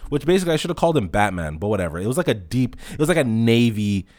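A man hosting a casual solo podcast, telling profane stories in an animated way and acting out the dialogue. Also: mid-range voice, racing, few pauses, dry recording, studio quality. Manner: acts out dialogue in anecdotes. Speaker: podcast host.

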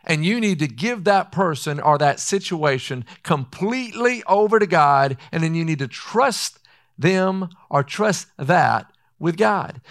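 A man preaching a sermon in an earnest way. He slows down to read scripture and often says "listen". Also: fairly high pitch, creaky.

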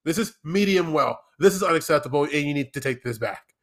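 Brief: man imitating a bossy girlfriend, hesitant start, then prissy and indignant, pitched up. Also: lively intonation, brisk, fairly bright tone. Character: pushy demanding young woman complaining at a restaurant.

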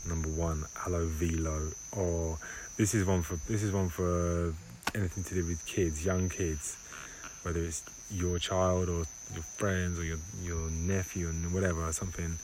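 A man hosting a solo podcast, talking in a rambling, halting monologue and often correcting himself. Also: low-pitched, flat delivery. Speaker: podcast host. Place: home in Barbados. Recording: home recording with clear background noise.

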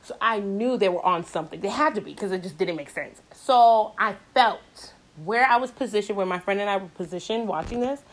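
A woman's voice: mid-range voice, a little fast, few pauses, poor audio. A young woman vlogger telling a blunt, profane story in a casual, dramatic way, speaking into a phone from a moving car. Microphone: phone held away. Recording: car road noise, phone mic. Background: vehicle noise.

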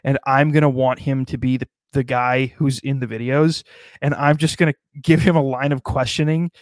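Guy riffing on a podcast, cussing a lot, middle pitch, super dry mic. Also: fairly even intonation, dry recording. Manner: riffing, profane, does quick mock voices. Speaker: podcast co-host. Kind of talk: casual comedic chat.

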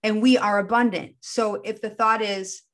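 A woman's voice: medium pitch, steady tone, fairly bright tone. Earnest woman giving a spiritual self-help talk. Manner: earnest, acts out inner and ego voices with quick shifts.

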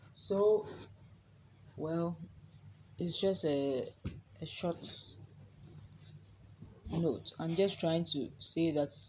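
Slow, low-voiced woman preacher. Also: a little hiss or hum, poor audio. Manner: slow, reverent, with frequent amens and hallelujahs. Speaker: prayer leader. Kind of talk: informal sermon and Bible reading.

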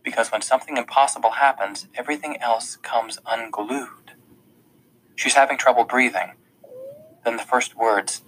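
Male audiobook narrator, first person, conversational, mid-pitched voice. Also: fairly even intonation, moderate pace, a bit bright, a little hiss or hum, low-quality recording. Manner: plain, conversational storytelling.

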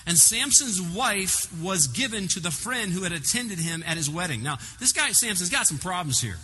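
A man delivers a sermon in an animated storytelling manner, with frequent asides to the congregation. His voice sits high and sounds very bright and sharp. It carries a long reverb from a large hall, with faint ambience behind it. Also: normal speed, hardly any pauses, a little hiss or hum. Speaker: pastor.

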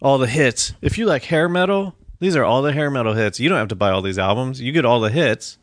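Lively, loose-talking male podcast host. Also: mid-range voice, a little fast, dry recording. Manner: loose, swearing, laughing often. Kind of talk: casual podcast chat.

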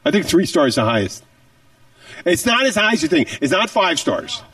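A man chatting casually on a podcast, his pitch jumping around a lot. He sounds a little set back from the mic in a dry room, and he talks with emphasis, repeating himself. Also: moderate pace, no echo, distant mic. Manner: animated, emphatic, repeats words. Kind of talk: casual chat.

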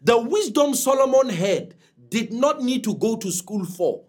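A man preaching a sermon to a congregation with emphatic delivery and dramatic swings in pitch. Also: sing-song, measured pace.

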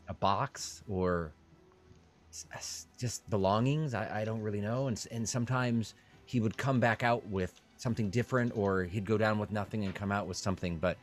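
A man voicing a nervous male villager, slow and hesitant, searching for words. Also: on the low side, close to an everyday voice.

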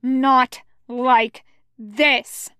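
Commanding young male sect leader, put on by a woman, yelling orders, smooth clear voice, dry sound. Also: high-pitched, steady tone, very slow, no echo, heavily acted. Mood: desperate shouting. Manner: shouting orders in desperation.

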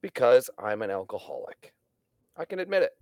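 A man talks in a loose, rambling way, swearing as he tells stories. His voice sits at a middle pitch. The recording is dry and close. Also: very animated, moderate pace, no room sound. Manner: rambling storyteller, swears freely. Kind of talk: casual chat.

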